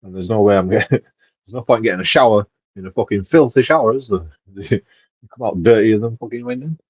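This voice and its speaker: A man's voice: lowish voice, brisk, a little mellow, breathy edge, no echo. Man, swearing vlogger rant, dull dry lo-fi sound. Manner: swears heavily, rambling, with restarts and laughs. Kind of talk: casual ranting monologue.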